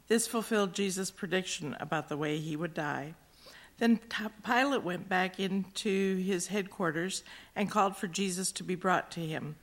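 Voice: medium pitch, a bit bright. A plain voice reading scripture aloud, with a few small slips. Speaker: scripture reader. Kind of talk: Bible reading.

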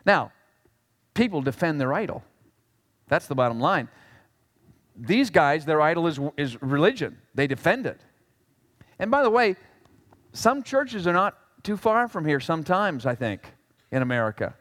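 A man preaches a sermon with a fairly high voice, jumping from loud exclamations to hushed asides. He is animated and drops jokes along the way. His voice carries the long reverb of a church hall. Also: normal speed, long pauses. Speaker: pastor.

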